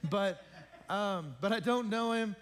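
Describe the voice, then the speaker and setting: Chatty male pastor with a high voice, joking with his congregation during church announcements. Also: a little slow. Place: church sanctuary.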